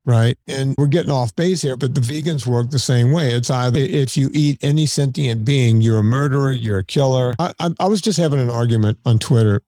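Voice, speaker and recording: Blunt man with a dark, dry voice. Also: medium pitch, fairly quick, few pauses, no echo. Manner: blunt, opinionated storytelling. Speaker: podcast guest, show host. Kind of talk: casual podcast conversation.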